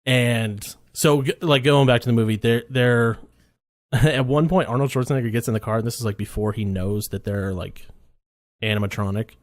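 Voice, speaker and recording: A man's voice: medium pitch, moderate pace, no echo, studio quality. Laid-back swearing podcast co-host man. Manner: laid-back, swears freely, laughs often. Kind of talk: casual chat.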